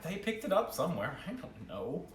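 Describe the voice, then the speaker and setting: A man narrating as game master of a tabletop game, casual and animated, often restarting his sentences. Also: fairly high pitch, moderate pace, recorded from a distance. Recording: echoey room, faint noise.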